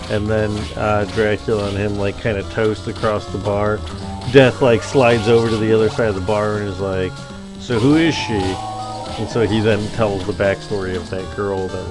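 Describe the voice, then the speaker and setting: Rambling male let's play host. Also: on the low side. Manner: casual, filler-heavy storytelling. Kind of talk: rambling gameplay commentary.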